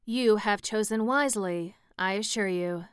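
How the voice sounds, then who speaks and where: A woman voicing a stern but gracious female sorceress ruler in a storybook reading, commanding and measured. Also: mid-range voice, clean tone, dry recording, clean studio sound, natural voice.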